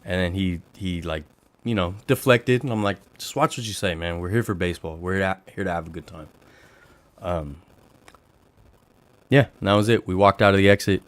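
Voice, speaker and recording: A man's voice: sits low, moderate pace, pauses often. A man hosting a livestream, chatting casually and telling a story, acting out the exchanges he quotes. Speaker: livestream host. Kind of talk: casual storytelling to a live chat.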